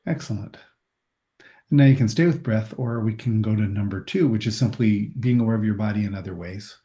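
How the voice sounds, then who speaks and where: Male meditation guide, lowish mellow voice, calm and reassuring delivery. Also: fairly quick. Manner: calm, gentle, softly reassuring. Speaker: meditation instructor. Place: room with a group.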